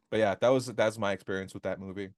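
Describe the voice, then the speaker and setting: Animated laughing man ranting on a podcast. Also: on the low side, a little fast, no echo, clean studio sound. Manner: animated, laughing, swearing freely. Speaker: podcast co-host. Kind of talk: casual chat, comedic rant.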